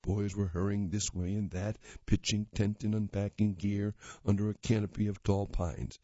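Low, husky man reading a story. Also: little pitch movement, moderate pace, dark tone, dry recording. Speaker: reader. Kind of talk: reading a magazine story aloud. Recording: dull lo-fi dry recording.

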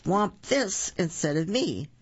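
Reader doing a high, eager little wolf pup, lively swoops, slightly husky, storybook read-aloud. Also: takes it slowly, heavily acted. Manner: eager, bright and chirpy. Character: cheerful polite young male wolf pup. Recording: dull lo-fi recording.

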